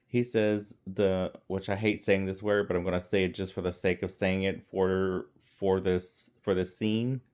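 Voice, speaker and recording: A man with a very low voice talks through a movie review at an unhurried pace. His delivery is relaxed and rambling, full of fillers and quick laughs as he shares his opinions. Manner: rambling, laid-back, many fillers and laughs. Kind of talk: casual film review vlog.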